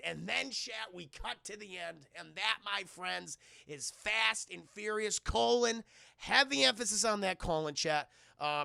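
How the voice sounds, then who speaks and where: A man streaming a casual film recap, animated and profane, often addressing his chat. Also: sits high, unhurried, gravelly, clear, resonant tone, no echo, clean studio sound.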